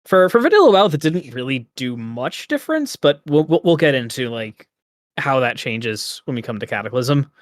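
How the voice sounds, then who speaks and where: A man's voice: medium pitch, very animated, normal speed, dry recording, clean studio sound. A man co-hosting a casual gaming podcast, rambling and laughing often. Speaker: podcast co-host.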